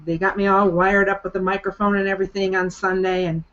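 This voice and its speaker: A woman's voice: medium pitch, flat delivery, fast talker, fairly bright tone, muffled recording. A woman leading a group coaching call, speaking in an earnest, emphatic way and repeating phrases for stress. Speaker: coaching program leader hosting a group call. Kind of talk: motivational talk on a conference call.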